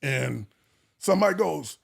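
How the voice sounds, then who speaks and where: A man's voice: a little high, unhurried, vocal fry. A middle-aged man, an actor, telling casual stories and acting out the voices of the people in them. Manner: animated, acts out voices in his stories. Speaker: actor guest. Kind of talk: casual storytelling.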